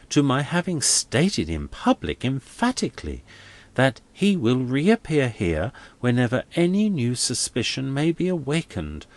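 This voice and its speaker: A man's voice: mid-range voice, voice pushed up. A man voicing an earnest, submissive young male clergyman in a storybook reading. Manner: pleading, submissive.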